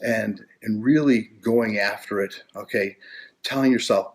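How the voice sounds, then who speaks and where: A man giving a motivational coaching talk, earnest and repetitive, ending almost every phrase with "okay?" and often clearing his throat. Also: fairly low pitch, a little slow. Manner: repetitive, earnest, with many restarts. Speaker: life coach.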